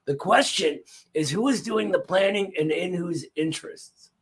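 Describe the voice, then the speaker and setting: A man's voice: sits high, moderate pace. Exasperated man reacting. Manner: exasperated, dismissive. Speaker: reaction show host. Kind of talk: casual reaction commentary.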